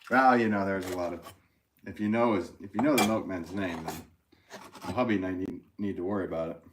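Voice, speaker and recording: A man's voice: low voice, brisk, background noise. A man with a New England accent, hosting a casual livestream while he works, reading viewer comments, joking and laughing often.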